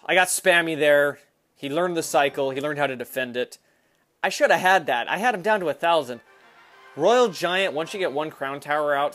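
A young man giving excitable, hyper commentary over a mobile game he is playing, often jumping into loud shouts. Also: medium pitch. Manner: excitable and hyper, quick swings into yelling. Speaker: mobile game video host. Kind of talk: live gameplay commentary.

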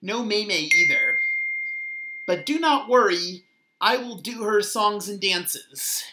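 A woman's voice: mid-range voice, lively intonation, slow, very noisy. A woman reading the part of a bossy, self-assured young woman singer in a storybook. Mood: smug. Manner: bossy and smug. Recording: echoey room.

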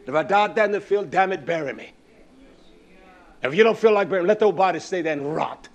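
A man delivers an animated sermon, moving between quiet murmurs and loud, fervent stretches. He poses rhetorical questions to his listeners and draws out words for emphasis.

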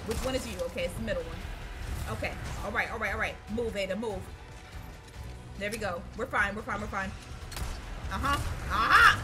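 A woman giving casual, profane let's-play commentary, loud and excitable as she yells at the game. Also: on the high side, fairly quick. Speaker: gaming channel host. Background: game music.

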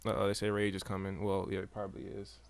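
He talks low and fast in a flat monotone, chatting casually through a live game stream. His remarks go both to his chat and to the characters on screen.

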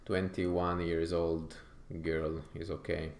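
A man's voice: deep voice, completely flat delivery, slow, creaky, few pauses, a little mellow, echoey room. A man from Italy with an Italian accent, thinking aloud with frequent fillers as he comments on his strategy game playthrough. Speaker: gaming YouTuber.

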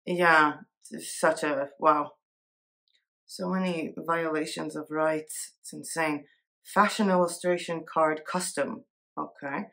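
A woman's voice: deep voice, fairly even intonation, takes it slowly, gravelly, pushed and bright. A woman vlogger chatting casually as she browses shops on screen, thinking aloud and giggling easily. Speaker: Etsy seller and art vlogger. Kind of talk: casual screen-share commentary.

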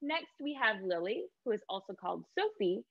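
A woman teaching artist leading a guided movement warm-up for children, upbeat and sing-song as she calls out each step. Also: mid-range voice, sing-song, fairly quick, vocal fry, no echo, muffled recording. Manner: upbeat, sing-song, leads call-and-response with voices.

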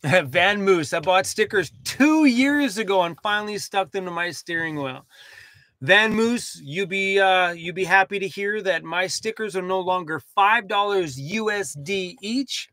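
Young male vlogger, upbeat and talkative, fairly high pitch, dry close recording. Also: no room sound. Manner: chatty, animated, talks to his dog. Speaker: van life vlogger. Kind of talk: casual livestream chat. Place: inside a cargo van.

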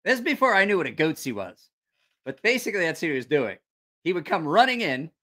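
A man's voice: fairly high pitch, sing-song, fast, pushed and bright. A man hosting a casual livestream, telling rambling, profane stories and reacting to viewer comments. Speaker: channel host.

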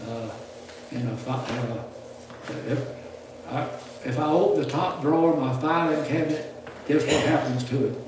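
Older preacher, folksy and roomy. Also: male voice, medium pitch, moderate pace, pauses often, background noise. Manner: folksy, rambling, with restarts and chuckles. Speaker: preacher teaching a preaching class. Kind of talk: folksy classroom sermon. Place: church classroom. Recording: roomy, distant mic with faint ambience.

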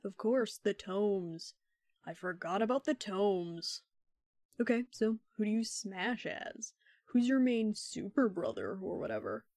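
A woman voicing a sardonic young man who teases in deadpan irony. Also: medium pitch, a little slow, dry recording, studio quality. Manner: deadpan teasing, ironic.

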